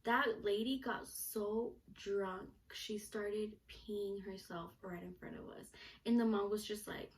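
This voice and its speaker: A young woman telling an animated story to camera in a casual vlog, filling her talk with "like". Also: medium pitch, slow pace. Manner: chatty, animated, lots of filler "like". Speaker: vlogger.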